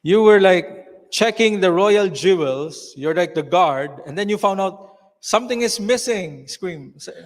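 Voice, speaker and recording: A man's voice: sits high, animated, a little slow, a little hiss or hum. A man narrating a live church skit and coaching volunteers on stage, with a frequent "okay". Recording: echoey hall reverb.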